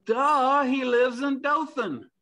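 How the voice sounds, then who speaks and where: A man's voice: very high voice, takes it slowly, sharp tone, voice pushed up, heavily acted. A man preaching, voicing exasperated royal advisors in a mocking, sarcastic paraphrase.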